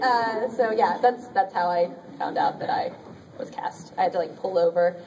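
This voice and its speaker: A woman's voice: medium pitch, moderate pace, distant mic, over a noisy crowd, very noisy. A woman voice actress telling stories on a convention panel, chatty and bubbly, laughing often and saying "like" a lot. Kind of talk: animated anecdote telling to a live audience.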